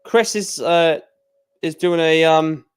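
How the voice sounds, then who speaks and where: A man's voice: a little high, takes it slowly, smooth. A young man chatting casually on a live stream, rambling with stammered restarts and blunt opinions.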